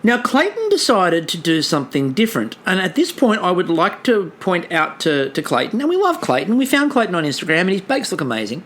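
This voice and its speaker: Lively low-pitched woman podcast co-host. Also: fairly quick, few pauses. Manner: chatty, joking, lots of ums and restarts. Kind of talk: casual chat recapping a baking show.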